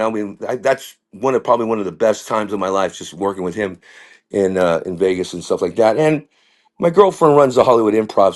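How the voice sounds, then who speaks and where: A stand-up comedian guest telling rambling, tangent-filled stories in casual chat. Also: male voice, fairly low pitch. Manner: rambling, tangent-prone, full of restarts and voices.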